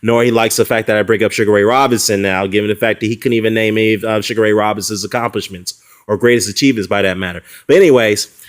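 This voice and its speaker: A man's voice: lowish voice, fairly even intonation, fast. Man ranting in a mocking vlog. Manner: heated and mocking, with frequent fillers and laughs. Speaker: boxing commentary vlogger. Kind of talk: casual ranting response video.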